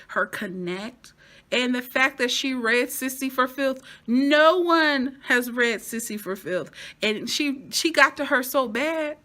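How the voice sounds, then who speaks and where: A woman talking through a TV episode recap in a casual, lively way, with playful asides and sudden high exclamations. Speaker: TV show reviewer.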